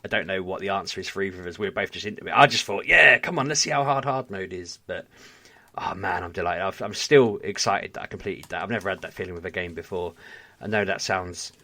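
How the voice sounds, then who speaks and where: A man co-hosting a casual podcast, speaking in a fairly low voice. He tells his stories with animated energy and breaks into laughter often. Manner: animated storyteller, quick to laugh. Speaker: podcast co-host. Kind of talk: casual chat.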